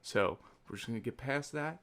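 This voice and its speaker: A man's voice: medium pitch, animated, moderate pace, a bit bright. A man hosting a casual podcast, ranting about pet peeves with lots of swearing and emphatic asides to the audience. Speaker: podcast host.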